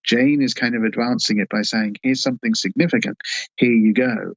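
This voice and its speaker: A man speaking as a guest psychologist in an interview, measured and thoughtful. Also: medium pitch, fairly even intonation, gravelly, dry recording, lo-fi sound. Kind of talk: casual interview talk.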